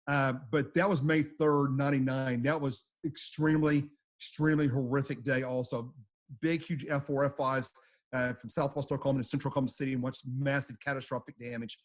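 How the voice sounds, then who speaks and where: Husky storm chaser telling stories. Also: male voice, medium pitch, flat delivery, a little fast. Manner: rambling, repeats phrases. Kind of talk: casual storytelling.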